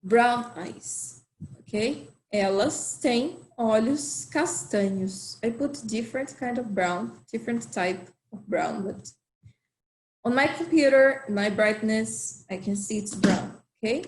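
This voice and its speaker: Slow, patient woman language teacher. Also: a little high, darkish tone, roomy sound, a little hiss or hum, rough recording. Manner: slow, repeats phrases for learners. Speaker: Portuguese teacher.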